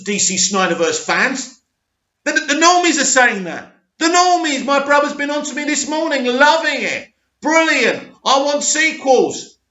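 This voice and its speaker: A man hosting a casual movie-news vlog, talking excitably and rambling with frequent restarts. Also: high voice. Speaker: movie news channel host. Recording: echoey room, dull lo-fi sound.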